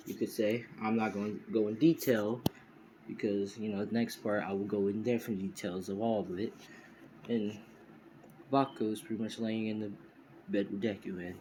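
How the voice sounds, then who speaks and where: A man's voice: on the low side, warm tone, slight background noise. A man casually telling an improvised fan story in a loose, rambling way, recorded on a phone. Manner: rambling, loose, full of filler. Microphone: phone mic, screen recording.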